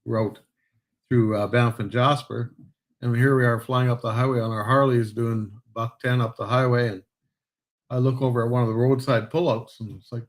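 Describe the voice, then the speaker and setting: A man co-hosting a casual chat show, telling lively stories and swearing freely. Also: mid-range voice. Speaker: co-host.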